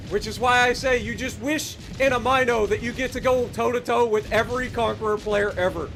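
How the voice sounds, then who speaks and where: A man streaming live gameplay, excitable and cheeky, yelling battle cries, swearing and taunting opponents in a hammy mock German manner. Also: very high-pitched, brisk, a little hiss or hum. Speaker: game streamer.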